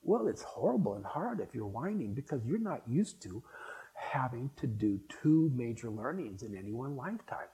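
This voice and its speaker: A man's voice: medium pitch, animated, moderate pace, mellow, rough recording. An older man speaking to a spiritual gathering, rambling and anecdotal, with frequent restarts as he reminisces. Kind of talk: reminiscing talk to an audience.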